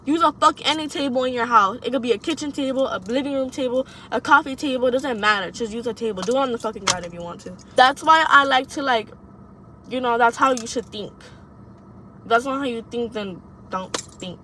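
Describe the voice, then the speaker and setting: A woman's voice: on the high side, fairly quick, bright, forceful tone, a little hiss or hum. A young woman vlogging advice to camera from a parked car, blunt, rambling and profane. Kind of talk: casual monologue to camera.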